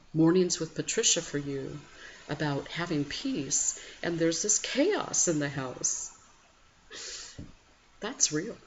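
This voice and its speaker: Woman, very low voice, calm reflective host, slow pauses, muffled home recording, faint hiss. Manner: slow, gentle, pausing, with sudden lively rises. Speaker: host of a spiritual morning program. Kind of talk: reflective guided meditation talk. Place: home at night.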